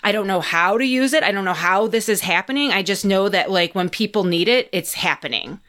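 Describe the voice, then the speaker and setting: A woman's voice: medium pitch, expressive, a little fast, fairly bright tone. A woman guest on a podcast, telling a story in a casual chat, acting out what people said and swearing freely. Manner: chatty, acts out her own and others' lines, swears freely.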